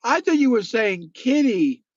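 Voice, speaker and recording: High-voiced man on dull lo-fi audio. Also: very animated, unhurried, dry recording. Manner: short reactive questions. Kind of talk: casual chat. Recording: dull lo-fi dry stream audio.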